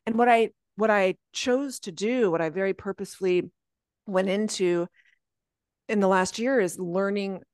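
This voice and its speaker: A woman guest coach talking earnestly on a podcast, often jumping into a high voice when she quotes her own thoughts. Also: normal speed, smooth, dry recording, clean studio sound. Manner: earnest, animated, often slipping into high quoted self-talk. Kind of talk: reflective podcast conversation.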